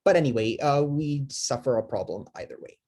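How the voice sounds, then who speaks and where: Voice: medium pitch, fairly quick, mellow. A lecturer giving a live math lecture, talking with many fillers, restarts and self-corrections, and asking the class questions.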